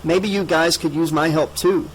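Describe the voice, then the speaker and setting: A man's voice: fairly high pitch, steady tone, moderate pace, slight background noise, close to an everyday voice, low-quality recording. A man voicing an earnest, worried teenage girl in an audiobook.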